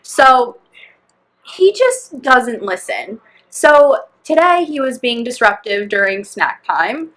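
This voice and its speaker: A young woman co-hosting a podcast tells a long, rambling story in casual chat, laughing often, saying "like" a lot and acting out quotes. Her voice is a little high and sing-song, with a slow pace and a fairly bright tone.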